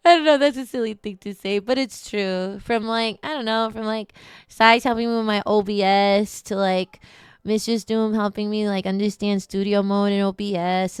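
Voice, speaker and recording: A woman streaming a charity event chats casually with her audience, rambling and emotional to the point of nearly crying. Her mid-range voice is smooth, and the sound has no echo.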